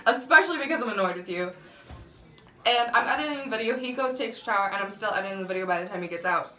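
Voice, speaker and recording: A young woman with a bright, sharp voice tells a dramatic storytime, swearing freely and breaking into laughter. The sound carries a roomy echo. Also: a little high, fast. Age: young adult. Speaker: vlogger. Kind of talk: casual storytime vlog.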